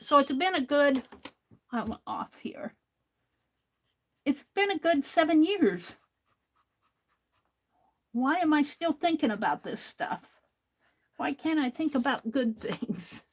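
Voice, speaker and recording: A woman's voice: sits high, sing-song, takes it slowly, pauses often. A woman hosting a crafting livestream, chatting to viewers while she works and laughing often. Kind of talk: casual crafting chat while working.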